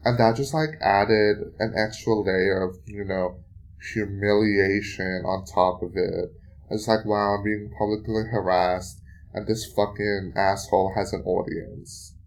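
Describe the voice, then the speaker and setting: A man talks alone into his podcast mic in a slow, drawn-out way, his voice sitting on the low side. He rambles through his story with plenty of fillers and curses, sounding fed up and worn down. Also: steady tone. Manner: swears often, with many fillers; venting and exasperated storytelling. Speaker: podcast host. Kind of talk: casual solo podcast monologue.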